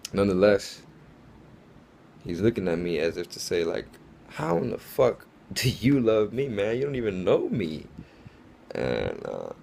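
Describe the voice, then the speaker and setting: Give me a man with a low, creaky voice telling a heartfelt story in a relaxed, conversational way. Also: a little hiss or hum. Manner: casual, earnest, lots of fillers like "like" and "bro". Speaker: faith testimony speaker. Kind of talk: personal faith testimony, storytelling.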